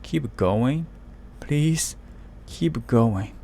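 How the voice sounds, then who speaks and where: A man's voice: medium pitch, lively intonation, very slow, creaky, a little hiss or hum, pitched above the performer's own voice, heavily acted. A man voicing a small, cute and kind male ogre who is timid, in a read-aloud storybook. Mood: pleading. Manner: cheerful, then pleading softly.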